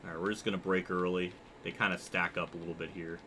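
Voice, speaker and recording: A young man streaming a racing game, chatting casually and reacting excitedly while reading his chat. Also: low voice, fast, slight background noise. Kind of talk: live gameplay commentary.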